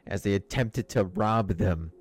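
A man's voice: on the low side, unhurried, crowd noise. A man narrating a tabletop game as game master in a matter-of-fact, casual way.

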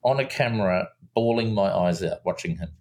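A man's voice: sits low, a little fast. A man, a film director, telling a story in a casual interview, with lots of restarts. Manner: animated storyteller, acts out quotes, many restarts.

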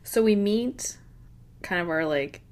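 A woman's voice: medium pitch, lively intonation, slow. A woman co-hosting a book podcast, chatting casually with many filler words. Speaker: podcast co-host.

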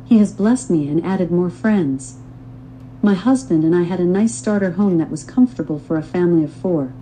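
A woman's voice: on the low side, moderate pace, warm tone, a little hiss or hum, low-quality recording. An older woman reading her own memoir aloud in an earnest, devout testimonial manner. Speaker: memoir author and narrator.

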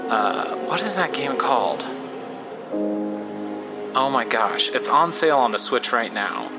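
A man's voice: mid-range voice, lively intonation, a little slow. A man hosting a game podcast, reading game text aloud and chatting casually with lots of fillers. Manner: chatty, rambling, with frequent fillers. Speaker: podcast host. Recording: loud music behind voice. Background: loud music.

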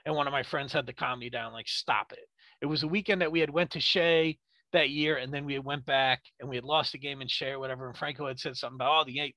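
A man co-hosting a sports podcast, ranting in a heated, profane way with rapid rhetorical questions. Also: on the high side, bright, forceful tone, no room sound. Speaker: podcast co-host.

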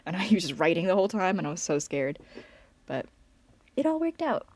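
A young woman chatting casually and telling an animated, giggly story with lots of "like" fillers. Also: lowish voice, a little fast, dry recording. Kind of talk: casual chat.

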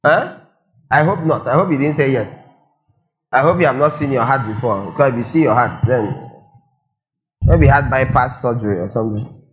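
A man's voice: medium pitch, moderate pace, pauses often. A man preaching a sermon, firing rhetorical questions and repeating lines for emphasis. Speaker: pastor.

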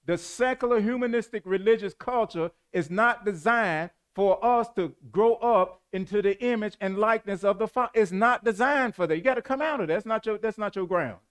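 A man's voice: high-pitched, fairly quick, few pauses, clean tone. A man preaching a sermon, calling for answers from the congregation and rising to emphatic bursts. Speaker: pastor.

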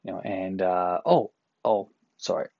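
A man's voice: low-pitched, fairly even intonation, a little slow, gravelly, dark tone, dry recording, dull audio. A man from Newfoundland hosting a solo podcast, ranting in an exasperated, profane way. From Newfoundland, Canada. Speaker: podcast host. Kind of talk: casual solo podcast rant. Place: apartment room.

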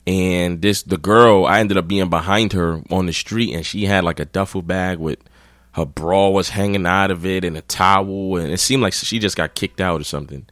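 A man's voice: deep voice, fairly even intonation, normal speed, a bit bright, no room sound, studio quality. A man hosting his own podcast, telling a rambling, profane anecdote in a blunt, casual way. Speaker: podcast host. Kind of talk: casual storytelling.

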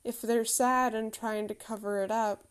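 A woman's voice: a little high, fairly even intonation, measured pace, smooth. A woman in her thirties telling a candid, reflective personal story with self-deprecating humour.

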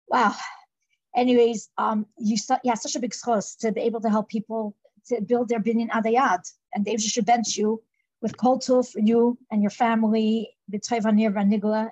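A woman's voice: on the high side, a little mellow, no echo. A woman hosting a podcast interview, effusive in her praise and offering blessings with Yiddish and Hebrew terms. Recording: dry, breathy, dull lo-fi audio.

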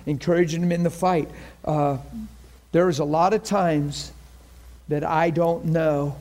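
A man teaching a class on faith healing in a lively, conversational way, often acting out what people say and pray. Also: on the high side. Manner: animated, acts out quoted prayers and voices. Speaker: ministry teacher.

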